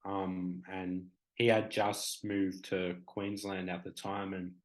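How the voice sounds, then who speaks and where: A man's voice: sits low, level tone, takes it slowly. A young Australian man, a guest on a talk show, telling a story in a rambling, emotional way, full of "like" and "you know". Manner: emotional, acts out quoted exchanges. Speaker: guest, hip hop artist. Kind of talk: casual storytelling in an interview.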